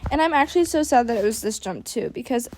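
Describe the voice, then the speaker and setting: A woman's voice: a little high, lively intonation, fast, darkish tone, dry recording. A young woman giving casual, self-critical voice-over commentary on her riding videos, chatty and full of "like" fillers. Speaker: equestrian vlogger.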